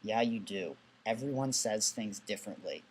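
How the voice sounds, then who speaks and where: A man's voice: lowish voice, lively intonation, moderate pace, slightly rough. A young man with a Southern New England accent, dropping his T's to glottal stops, answering questions in a casual vlog with dry, sardonic asides. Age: young adult.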